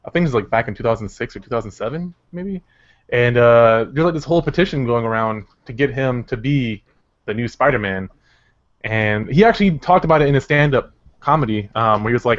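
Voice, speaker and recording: A man's voice: medium pitch, animated, brisk, highs cut off. A man co-hosting a casual podcast chat, rambling and hesitant with many fillers. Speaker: podcast co-host.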